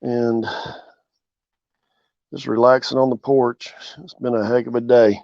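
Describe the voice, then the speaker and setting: A man's voice: medium pitch, little pitch movement, measured pace, dry recording. A laid-back man with a drawl chats casually on a livestream from his porch. He greets viewers by name as they arrive. The sound is dry and close, with a dull, lo-fi quality. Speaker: channel host. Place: outdoors on a porch.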